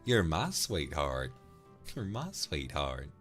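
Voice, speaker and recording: A man voicing a flirtatious, smooth-talking cowboy with a put-on Texan accent, calling everyone darling. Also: very deep voice, sing-song, slow pace, fairly bright tone, faint music behind, heavily acted. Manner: drawling, sweet-talking, calls everyone darling. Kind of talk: character voice on a livestream.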